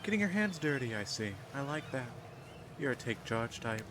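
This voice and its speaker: A man's voice: mid-range voice, sing-song, moderate pace, noisy background, pitched above the performer's own voice, close to an everyday voice. A man voicing a spooky, teasing male ocean spirit who talks in a smug, flirty way.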